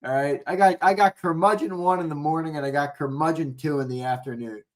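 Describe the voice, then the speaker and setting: A young man with a Philadelphia accent co-hosting a live sports show, talking excitably and swearing freely while reading viewer comments. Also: on the high side, fairly quick. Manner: excitable, profane, rambling, reads chat comments aloud. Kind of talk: casual live-stream sign-off chat.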